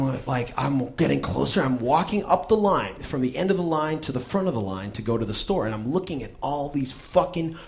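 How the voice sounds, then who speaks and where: Dude telling a funny story, swears a lot, voice jumps all over. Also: male voice, fairly high pitch, vocal fry. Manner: profane and animated, acting out the people in his story. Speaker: host. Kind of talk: comic spoken-word storytelling.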